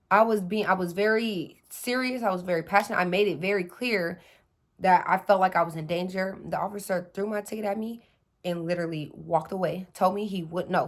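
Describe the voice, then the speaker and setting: A young woman in her twenties telling a personal story to her viewers in a casual, animated way, calling them y'all and acting out what people said. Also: medium pitch, normal speed. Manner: animated, addresses viewers as y'all, acts out dialogue. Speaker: storytime vlogger.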